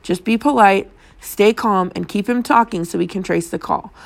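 A woman reading an audiobook, voicing a male police detective who speaks in a calm, measured, reassuring way. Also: medium pitch, creaky, close to an everyday voice.

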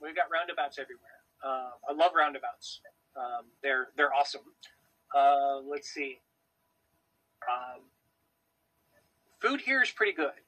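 A man's voice: medium pitch, expressive, unhurried, long pauses, bright, forceful tone, rough recording. A man from the United States co-hosting a podcast from Australia, rambling enthusiastically with many fillers. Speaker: podcast co-host. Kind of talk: casual chat. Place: home in Australia.

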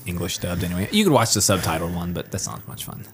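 A man's voice: deep voice, lively intonation, fast talker, creaky, noisy background. A man co-hosting a podcast in casual chat, rambling and often searching for words. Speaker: podcast co-host.

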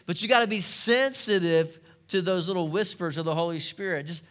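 A pastor preaching a sermon, emphatic and asking the congregation rhetorical questions. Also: male voice, sits high, a little fast, a bit bright, clear, resonant tone.

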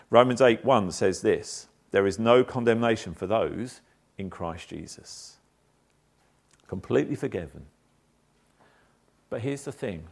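A man's voice: medium pitch, measured pace. A man preaching a sermon, acting out quotes and asking the listeners questions. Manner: animated preaching with acted quotes. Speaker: pastor.

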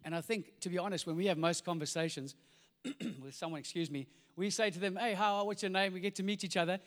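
A man preaching a sermon in a large church, energetic and jokey, acting out little voices in his stories. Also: high voice, a little fast. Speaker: pastor. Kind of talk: sermon with comic storytelling. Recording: reverberant church hall.

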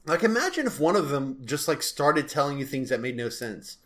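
A man's voice: a little high, very animated, brisk, fairly bright tone. A man co-hosting a casual podcast about a TV episode, laughing often and acting out lines of dialogue. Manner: laughs often, acts out quotes. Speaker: podcast co-host.

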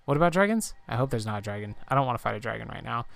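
A man hosting a relaxed gaming podcast, sleepy and rambling, with many fillers. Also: medium pitch, racing, gravelly. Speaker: podcast host. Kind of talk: casual game playthrough chat.

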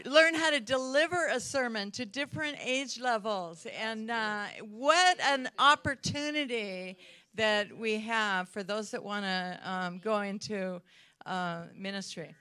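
Bright-voiced animated woman panelist. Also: fairly high pitch, takes it slowly, clear, resonant tone. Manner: animated, laughs while speaking. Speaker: panelist in church ministry. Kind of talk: encouraging panel talk.

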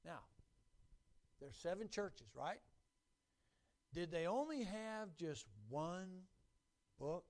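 A man preaching a sermon, emphatic and repetitive, building to loud peaks. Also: high-pitched, lively intonation, drawn-out words, long pauses.

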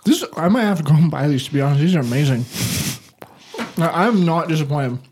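A man co-hosting a laid-back podcast, his voice leaping around in pitch as he talks. He sounds eager and enthusiastic, tossing in casual swearing as he chats. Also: expressive, brisk, a little mellow, a little hiss or hum. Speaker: podcast co-host. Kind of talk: casual chat.

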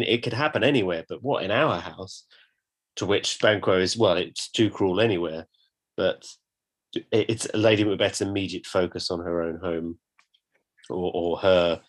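A man who writes, co-hosting a casual chat about a play, hesitant, with many fillers and false starts. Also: on the low side. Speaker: podcast co-host, writer.

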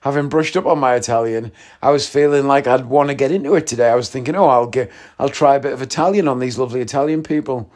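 A man's voice: mid-range voice, quick pace, hardly any pauses, a little mellow. A young man hosts a podcast and tells stories in casual chat. His voice sits in the middle of the range. He jokes around and laughs at his own stories. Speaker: podcast host.

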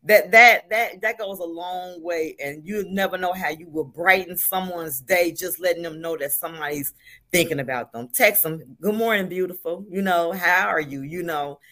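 This talk-show guest is an older woman, a grandmother, whose fairly low voice sounds pushed and bright at a moderate pace. In casual, earnest conversation she frequently repeats words to make her point.

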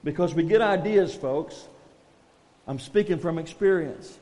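Folksy pastor preaching in a reverberant hall. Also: male voice, a little high, measured pace, dark tone. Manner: conversational, self-deprecating, addresses listeners as folks. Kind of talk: sermon.

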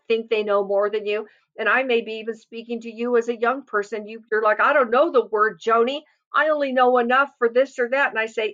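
A woman delivers a sermon in an earnest, emphatic way, leaning into each scripture quote. Her voice sits a little high. The recording is muffled and lo-fi. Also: a bit bright. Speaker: preacher.

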